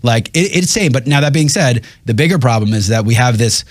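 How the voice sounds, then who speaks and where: A man hosting a radio talk show, talking with fast, emphatic energy in a casual chat with his guest. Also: mid-range voice, no room sound. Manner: fast, emphatic, animated storytelling. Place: radio studio.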